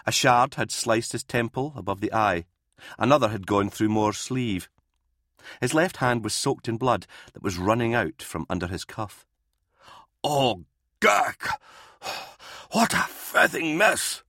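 Male narrator, low-ish voice, grave and measured; dry studio read. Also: a bit bright, dry recording. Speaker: audiobook narrator. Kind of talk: scripted narration.

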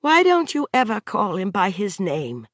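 Audiobook role: restrained frustrated wife, controlled, slow delivery, dry sound, a woman reads her. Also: medium pitch, huge pitch swings, no echo, pitched above the performer's own voice.

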